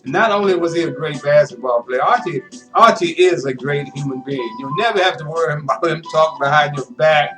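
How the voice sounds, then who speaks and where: A man hosts a sports interview show in a relaxed, folksy manner, his voice sitting a little high. He talks casually and often adds "man" to the ends of his sentences. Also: fairly quick, music in the background. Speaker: sports talk show host.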